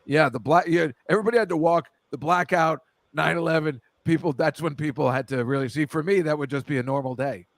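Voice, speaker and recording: A man's voice: a little high, brisk, creaky, few pauses, dry recording. A middle-aged man hosting a podcast, rambling in casual chat with a jokey, self-deprecating manner. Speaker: podcast host.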